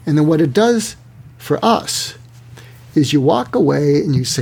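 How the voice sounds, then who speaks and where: A man with a slightly high, slightly slow voice that is gravelly with a breathy edge. He's an author being interviewed as a guest, explaining techniques conversationally and animatedly acting out example dialogue.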